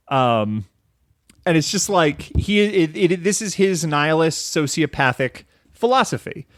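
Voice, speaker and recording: A man's voice: on the high side, lively intonation, measured pace, no echo, clean studio sound. A man hosting a casual film podcast, talking in a rambling, profane way with lots of fillers and restarts. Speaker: podcast host.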